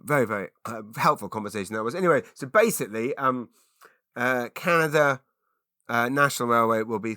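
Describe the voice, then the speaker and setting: A man's voice: medium pitch, sharp tone, dry recording, studio quality. A man hosting his own podcast alone, rambling and self-mocking through a casual monologue, with frequent restarts. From Britain. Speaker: podcast host.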